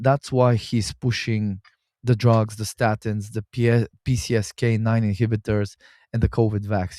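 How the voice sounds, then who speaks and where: A man's voice: fairly low pitch, dark tone, no echo, studio quality. A man hosting a health show, talking in a casual, opinionated monologue that is rambling and scornful, with many fillers and restarts. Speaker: health podcast host.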